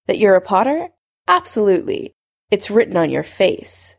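A calm old headmaster wizard, as a woman narrator reads him in a storybook reading, measured and dry with a quiet, probing push. The voice sits at a middle pitch but swings widely in melody. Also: creaky.

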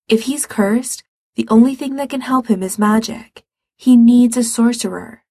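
A woman voicing a frantic young man, breathy and pleading. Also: fairly high pitch, measured pace, mellow, no echo, clean studio sound, voice pushed up. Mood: insistent. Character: anxious young man, worried for his sick brother.

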